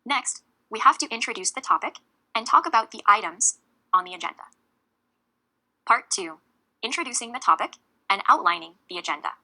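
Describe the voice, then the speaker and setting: A woman narrating a scripted English lesson, speaking clearly and slowly with deliberate emphasis on key words. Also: fairly high pitch, animated, bright, forceful tone, poor audio. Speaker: English teacher.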